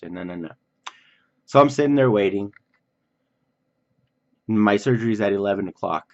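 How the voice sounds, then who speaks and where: A man casually telling a personal story for his vlog, animated and swearing freely, acting out what others said. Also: on the low side, normal speed, long pauses, dull audio.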